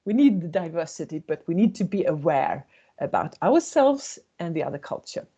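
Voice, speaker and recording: A woman's voice: fairly low pitch, big pitch swings, moderate pace, warm tone, slightly rough. A woman, a consultant presenting a webinar, telling stories and acting out what people say. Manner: storytelling, acting out quoted voices. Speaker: intercultural communication consultant.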